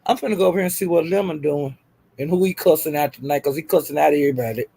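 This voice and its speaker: High gravelly man giving profane advice. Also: rapid-fire, dark tone. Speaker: livestream host. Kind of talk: casual livestream commentary.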